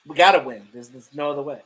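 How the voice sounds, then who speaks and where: A man with a notably high speaking voice hosts a casual football livestream. He talks in a loose, animated way, full of profanity and trash talk. He stammers and restarts his sentences often. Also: poor audio. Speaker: livestream host.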